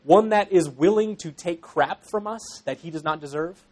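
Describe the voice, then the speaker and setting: High-voiced Irish man preaching earnestly. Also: normal speed, a little mellow. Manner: earnest and emphatic, with self-deprecating asides. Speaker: pastor in training. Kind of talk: sermon.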